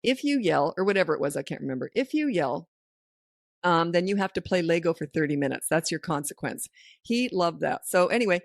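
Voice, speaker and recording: A gravelly, lowish female voice moves fast in this dry, studio-quality recording. The speaker, a middle-aged woman hosting a parenting podcast, chats casually, giving grounded advice through anecdotes in which she acts out what people said.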